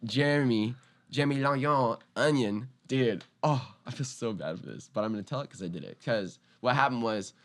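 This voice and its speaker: A man's voice: medium pitch, normal speed. Young man telling a wild story. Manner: animated, acts out quoted lines loudly. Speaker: podcast guest, skateboarder. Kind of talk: casual storytelling.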